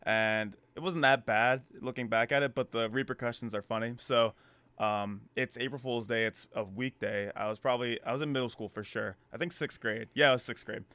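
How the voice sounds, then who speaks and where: A young man is telling a story on a podcast, and he jumps into the voices of the people he quotes. His voice is smooth and the sound is dry and close. The feel is easy, casual chat. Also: medium pitch, brisk, no room sound. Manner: animated storytelling, acts out quotes. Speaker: podcast co-host.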